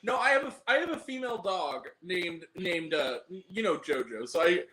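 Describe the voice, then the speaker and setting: A man with a high, bouncing voice that swings all over as he hosts a casual stream. He riffs loudly, swears with relish and breaks into giggles. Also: lively intonation, moderate pace, reverberant, poor audio. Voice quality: crude, loud, giggly banter. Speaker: host. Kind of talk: casual profane chat.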